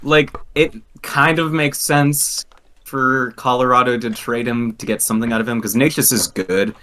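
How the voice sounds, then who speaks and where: A man chatting casually on a podcast, animated and quick to laugh as he tells a story. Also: medium pitch. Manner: animated, laughs often, trails into restarts. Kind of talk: casual hockey chat.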